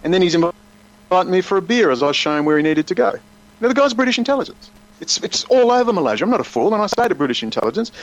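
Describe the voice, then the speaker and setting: A man with a high-sitting voice and big pitch swings talks quickly as a guest, giving animated conversational commentary. His emphatic, rambling style often slips into quoted voices, and the lo-fi audio sounds muffled.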